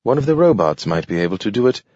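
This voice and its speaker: A man voicing a calm, polite male robot servant in a storybook reading, formal and deferential. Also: fairly low pitch, fast talker, breathy edge, no echo, pitched above the performer's own voice. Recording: dull, dry lo-fi recording.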